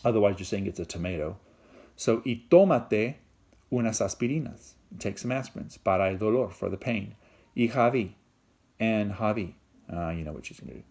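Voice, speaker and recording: A man's voice: lowish voice, vocal fry, darkish tone. A man teaching a Spanish grammar lesson in a casual, step-by-step way, full of fillers and check-ins, moving between English and Spanish. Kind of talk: recorded classroom lesson.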